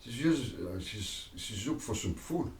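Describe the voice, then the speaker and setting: A man's voice: fairly low pitch, lively intonation, moderate pace, a little mellow. A man telling a rambling personal anecdote to camera, often breaking into chuckles. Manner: chuckling, digressive, keeps breaking into laughter. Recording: roomy echo, mic at a distance.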